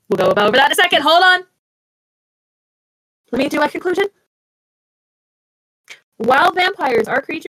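A woman's voice: fairly high pitch, fairly bright tone, no echo. A woman hosting a podcast in a chatty, casual way, with lots of fillers and restarts and frequent giggles. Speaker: podcast host.

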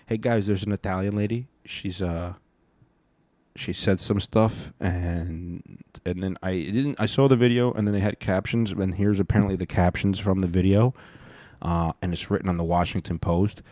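A man with a fairly low voice hosts his own podcast in casual solo commentary. He rambles, swears and restarts his sentences often. The sound is dry and close, with no room echo. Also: fairly even intonation, normal speed, dark tone. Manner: rambling, profane, many restarts. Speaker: podcast host.

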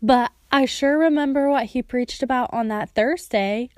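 A woman's voice: sits high, moderate pace, darkish tone, no room sound, studio quality. A woman sharing a heartfelt personal testimony, earnest and storytelling, now and then acting out remembered words.

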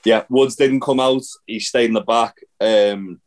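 A man's voice: medium pitch, steady tone, unhurried. A man co-hosting a casual wrestling podcast, talking in a rambling way full of ums and likes. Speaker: podcast co-host reviewing wrestling. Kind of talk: casual chat.

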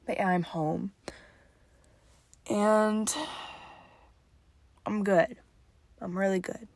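Tired young woman hosting a solo podcast, calm and soft-spoken, gravelly fry, close and dry sound. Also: mid-range voice, extremely slow, dry recording. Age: young adult. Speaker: podcast host. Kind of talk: casual solo podcast monologue. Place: at home late at night.

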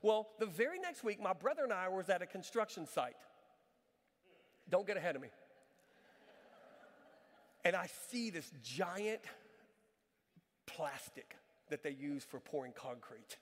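A middle-aged man preaching a sermon, telling a funny personal story with animated energy and then pressing his point with emphatic questions. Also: high-pitched, measured pace, long pauses. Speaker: pastor. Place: church sanctuary. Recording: long reverb of a large church hall.

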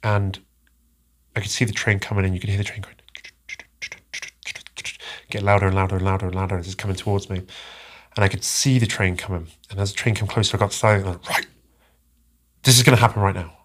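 A man telling a personal story as a podcast guest, halting and earnest, often repeating his words. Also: low voice, level tone, a little hiss or hum. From England.

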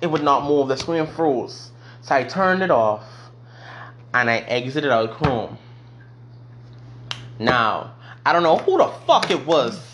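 A young man vlogging a story time, his voice swooping high and low as he tells it. He swears freely and talks in a loose, animated way, with a faint hum behind him. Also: slow, pauses often, highs cut off. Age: young adult.

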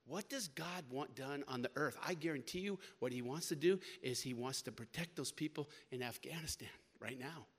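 A man preaching a sermon to young people, emphatic and conversational, swinging between loud stresses and quieter stretches, with casual slang. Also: mid-range voice, normal speed, few pauses, slightly rough. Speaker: pastor.

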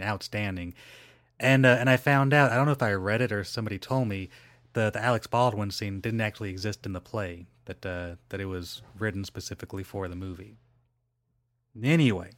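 A man's voice: fairly low pitch, fairly bright tone, dry recording. A man hosting a solo podcast, chatting casually in a rambling, digressive way with lots of fillers and self-corrections. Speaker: podcast host.

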